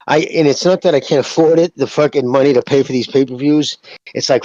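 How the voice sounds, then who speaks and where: A man's voice: fairly high pitch, fast talker, dark tone, dry recording, dull audio. A man co-hosting a podcast in casual chat, ranting heatedly with plenty of swearing. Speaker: podcast co-host.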